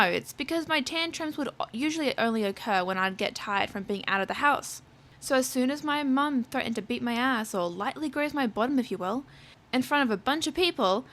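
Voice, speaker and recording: Young woman doing a snarky swear-y storytime vlog, voice sits a bit high. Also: fairly bright tone. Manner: sarcastic, profane. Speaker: vlogger. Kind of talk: storytime rant narration.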